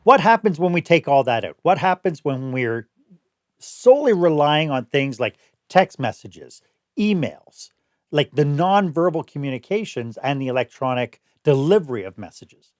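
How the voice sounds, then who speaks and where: A man's voice: fairly high pitch, very animated, moderate pace, no room sound, studio quality. A man hosting a podcast, affirming his guest and asking questions in a conversational way. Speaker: podcast host. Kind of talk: casual interview chat.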